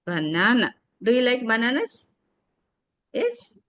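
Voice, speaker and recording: A woman with an Indian English accent teaching English pronunciation, saying each word slowly and repeating it for a student to echo. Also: a little high, wildly swooping pitch, a bit bright. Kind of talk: pronunciation drill lesson.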